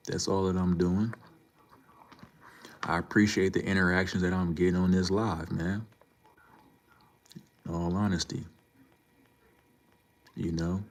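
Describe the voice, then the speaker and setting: A man with a very low voice talks to his live viewers. He lectures in an emphatic way and repeats his points again and again, in a loose and casual manner. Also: darkish tone. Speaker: livestreamer. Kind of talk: casual live-stream talk to chat.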